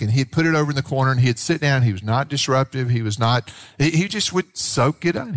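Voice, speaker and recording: A man, a pastor telling a story in a sermon in a folksy, animated way, acting out the voices of the people in it. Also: mid-range voice, no echo, studio quality.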